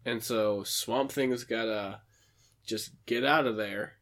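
A man co-hosting a podcast, recapping a film in a casual, joking chat with quick asides. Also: fairly low pitch, a bit bright.

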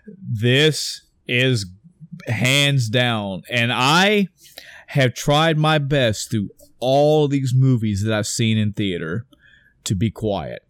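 A man tells a movie scene to his co-host with mounting excitement and a steady stream of swearing. He acts out his own gasps and cheers as he goes. His voice sits in a middle range, recorded close and dry with no room sound. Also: mid-range voice, slow, dry recording. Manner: excited, profane storytelling, acts out his reactions. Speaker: podcast co-host. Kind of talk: casual movie recap chat.

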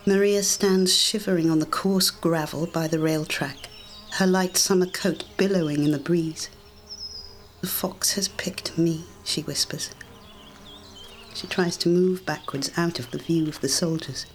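An audiobook narrator giving a measured, deliberate reading of a scripted story. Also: medium pitch, slight background noise.

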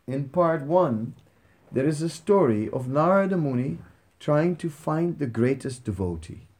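A man who works as a spiritual teacher gives a soft-spoken, conversational devotional talk and tells stories, with frequent fillers. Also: fairly high pitch, expressive, a little slow.

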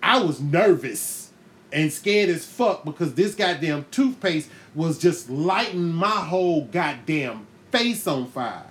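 Give me a profane man hosting a podcast, telling a comic story with lots of laughs, pitch bouncing all over. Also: takes it slowly, slight background noise. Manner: profane, animated, laughs often, acts out voices. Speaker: podcast host. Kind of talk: comedic storytelling monologue.

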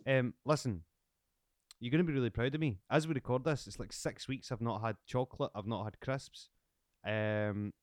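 A man's voice: mid-range voice, no echo. Male podcast host, playful teasing banter, close dry mic. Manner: jokey, teasing, quick asides. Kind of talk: casual chat.

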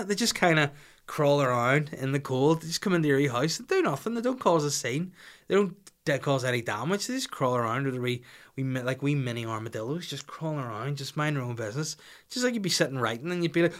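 A man's voice: fairly high pitch, fast. A man in his thirties telling a stand-up story, swearing freely and wandering into asides. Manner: profane, rambling asides, animated. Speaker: stand-up comedian.

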